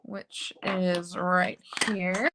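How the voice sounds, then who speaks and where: A woman's voice: on the low side, flat delivery, drawn-out words, noisy background. A woman hosting a live card-making tutorial, chatty and gushing, with frequent fillers. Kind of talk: live crafting tutorial chat.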